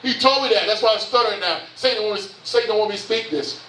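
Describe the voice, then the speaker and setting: Fervent Southern preacher in his fifties, very high, bright voice, echoey sanctuary. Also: rapid-fire, a little hiss or hum. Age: 50s. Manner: impassioned, repetitive preaching with rhetorical questions. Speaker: bishop. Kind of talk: sermon. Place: church sanctuary. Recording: echoey church from far off.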